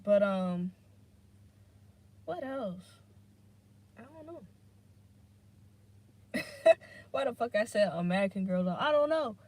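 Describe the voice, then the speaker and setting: A woman's voice: medium pitch, lively intonation, slow pace, long pauses, darkish tone. Rambling, foul-mouthed woman podcasting alone. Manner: rambling, unfiltered, swears freely; drifts between topics, many fillers. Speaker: podcast host. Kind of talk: casual solo podcast monologue.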